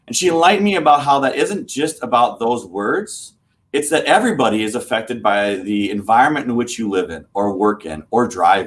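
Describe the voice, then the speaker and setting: A middle-aged man speaks earnestly in a mid-range voice, sharing a personal story as a show host. He halts often, restarting his sentences and filling gaps as he searches for words. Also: mid-range voice. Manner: earnest, halting, with many restarts and fillers. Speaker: host, former general contractor. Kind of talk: casual storytelling talk.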